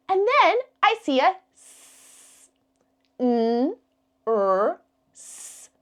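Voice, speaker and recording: High, lively teacher woman for little kids. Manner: slow, sound-stretching, encouraging teacher talk. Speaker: kindergarten teacher. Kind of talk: children's phonics lesson.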